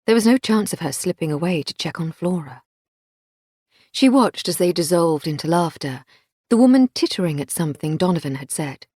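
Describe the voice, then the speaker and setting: A woman reading a crime thriller audiobook in a measured storytelling manner. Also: fairly low pitch, lively intonation, a little mellow, slightly rough, no room sound, studio quality. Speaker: audiobook narrator. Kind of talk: scripted narration.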